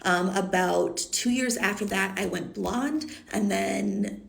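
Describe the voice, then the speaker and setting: A woman in her thirties talks straight to her phone camera, chatty and blunt, with casual swearing. Her voice is thick with vocal fry and mid-range in pitch. Her nose sounds blocked and stuffy. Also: slow. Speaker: content creator. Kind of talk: casual storytime vlog. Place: indoors, green-screen setup.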